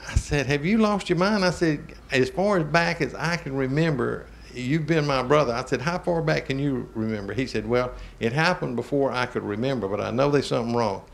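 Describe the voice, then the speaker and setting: A man's voice: medium pitch, a little fast, gravelly, few pauses. Older man telling folksy stories. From Georgia, US. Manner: animated, chuckling, drawling Southern speech. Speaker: talk show host. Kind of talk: folksy storytelling.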